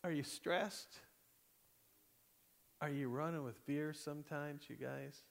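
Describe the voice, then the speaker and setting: Male pastor, slightly high voice, preaching with big swings from loud to hushed, chatty and laughing; long church-hall reverb. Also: takes it slowly, vocal fry. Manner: animated preaching, swinging from loud bursts to hushed near-whispers, laughing often. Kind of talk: sermon. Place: church sanctuary.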